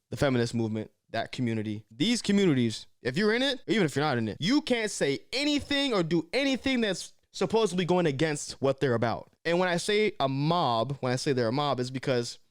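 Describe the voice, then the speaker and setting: A young man from Southern California talks to camera in a quick, lively stream. He is casual and streetwise, peppering lines with man and bro. The sound is dry and close, with no room around it. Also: mid-range voice, no room sound. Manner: animated, slips into mocking voices; streetwise slang, says man and bro often. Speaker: vlogger.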